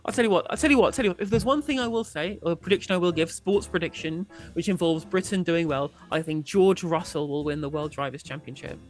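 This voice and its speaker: A man guesting on a podcast in casual political chat, making wry, dry jokes and measured asides. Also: a little high, soft background music.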